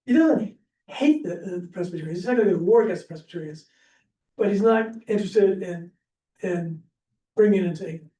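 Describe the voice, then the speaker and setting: A man's voice: high voice, lively intonation, fairly quick, warm tone. A man teaching an informal history class at church, chatty and rambling, with lots of fillers and restarts. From Pennsylvania. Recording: echoey room, distant mic, faint hiss.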